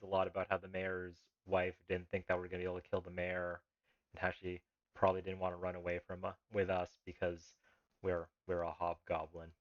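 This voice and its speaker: A man with a lowish voice reads the game's story text aloud and then cuts in with his own reactions. The sound is dry and a little dull, like lo-fi stream audio from a desk mic. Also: completely flat delivery, brisk, no echo. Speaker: streamer playing a text adventure. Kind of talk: live-streamed reading of a game story with commentary. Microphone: desk mic on a live stream.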